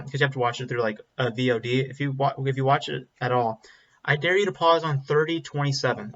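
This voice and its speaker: A man's voice: medium pitch, fairly bright tone. A man giving a casual spoken film review, blunt and rambling, with frequent ums and restarts. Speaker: movie reviewer. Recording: slightly dull lo-fi audio.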